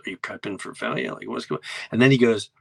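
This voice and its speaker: A middle-aged man, hosting a podcast and telling an animated story, acting out quotes and dropping to hushed asides. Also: lowish voice, fast, gravelly, slightly rough, no room sound. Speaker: podcast host.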